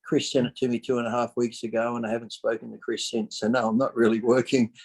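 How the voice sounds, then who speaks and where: His voice is medium-pitched and quick with a breathy edge, captured on a low-quality recording. A man in his forties guesting on a podcast, he tells stories casually and animatedly, imitating what others said, swearing freely and laughing frequently.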